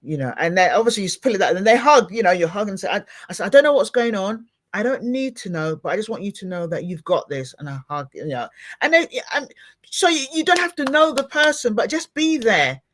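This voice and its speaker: Woman host, middle-aged, casual and animated, mid pitch, acts out bits. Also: fairly quick. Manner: animated, expressive, acts out little scenes. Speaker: podcast host. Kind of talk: casual interview chat.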